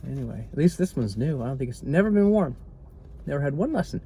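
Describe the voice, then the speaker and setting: A man's voice: on the high side, big pitch swings, quick pace, mellow. Rambling man vlogging over road noise. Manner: rambling, easily distracted, dry joking asides. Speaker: travel vlogger. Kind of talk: casual vlog chat to camera.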